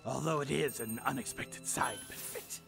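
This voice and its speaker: A man's voice: medium pitch, wildly swooping pitch, normal speed, vocal fry, faint music behind, heavily acted. A man voicing a vengeful, sarcastic male villain who worships a murder guild, in a comedic anime parody dub. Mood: sneering villain. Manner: shouty, sarcastic, theatrical.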